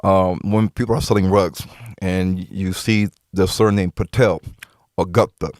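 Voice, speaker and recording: A man's voice: sits low, fairly even intonation, measured pace, darkish tone, dry recording, studio quality. A man, a podcast guest, telling stories emphatically, often repeating himself as he retells conversations. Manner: emphatic, retells conversations with many quoted lines. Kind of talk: conversational storytelling.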